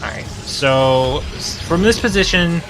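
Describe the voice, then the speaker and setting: A man co-casting a live strategy game tournament, excitable and quick to laugh. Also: on the high side, faint music behind. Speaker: esports caster. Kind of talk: casual live game commentary.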